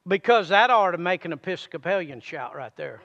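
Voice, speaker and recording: A man preaching a sermon to a congregation, calling for amens and reading scripture aloud slowly. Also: high-pitched, expressive, vocal fry, fairly bright tone, in a large hall, highs cut off, slight background noise. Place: church sanctuary.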